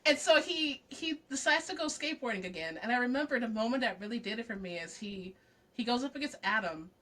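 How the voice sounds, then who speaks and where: A woman guest in a casual interview, telling a story in an animated way with lots of acted-out dialogue and frequent laughs. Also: fairly high pitch. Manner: laughs often while talking.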